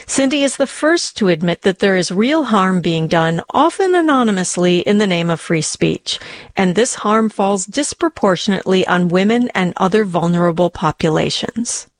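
A woman hosting a podcast, reading scripted narration with a measured, clear delivery. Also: medium pitch, expressive, no room sound. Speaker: podcast host.

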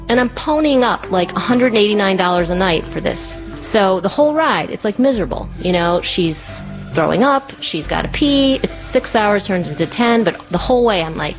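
A woman telling a personal story as a monologue, animated and acting out the voices of the people in it. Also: medium pitch, moderate pace, faint music behind.

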